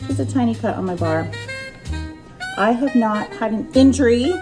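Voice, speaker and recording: A woman's voice: fairly high pitch, expressive, moderate pace. A woman bartender giving a casual, chatty cocktail tutorial at home, bubbly and swearing offhandedly. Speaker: bartender at a lounge. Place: home kitchen or bar area of an apartment. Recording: roomy echo with music behind.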